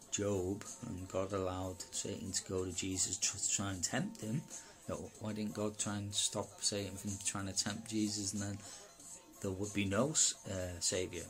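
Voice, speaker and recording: A man from Wales recounting a personal experience in a rambling, halting way, full of fillers and asides. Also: low-pitched, a bit bright. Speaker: personal testimony speaker.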